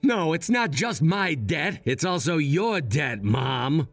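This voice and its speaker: A man's voice: a little high, big pitch swings, takes it slowly, gravelly, no room sound, faint music behind, full character voice. A man voicing a cold, unbending young adult son in a scripted drama, firm and lecturing.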